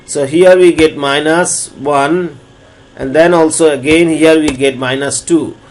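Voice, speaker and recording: A man lecturing on differential calculus, walking through each step slowly and repeating phrases as he explains. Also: a little high, steady tone, a little hiss or hum. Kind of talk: recorded math lecture.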